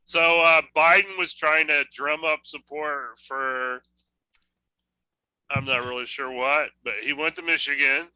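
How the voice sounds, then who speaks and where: A man's voice: a little high, fairly even intonation, a little slow, bright, forceful tone, clean tone, dry recording, low-quality recording. A man co-hosting a casual podcast, agreeing readily and relating news stories. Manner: agreeable, brief replies, tells news stories. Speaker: podcast co-host. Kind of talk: casual banter.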